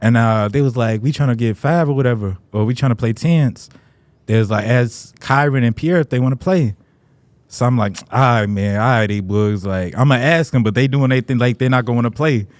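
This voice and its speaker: A man's voice: mid-range voice, a little fast, dry recording. A man co-hosting a podcast, telling stories in casual chat and laughing as he goes. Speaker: podcast co-host.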